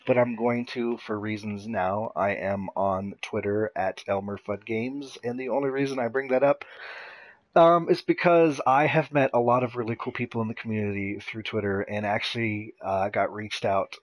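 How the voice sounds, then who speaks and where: A man's voice: on the low side, fairly even intonation, moderate pace, no echo. A man hosting a casual gaming podcast, chatty and laughing often, with a slight lisp. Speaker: podcast host.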